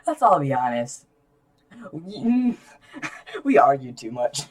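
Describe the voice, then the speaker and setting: Man, co-host, casual chat, teasing, laughs a lot, average pitch. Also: very animated, slow pace. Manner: joking, laughs often, teasing.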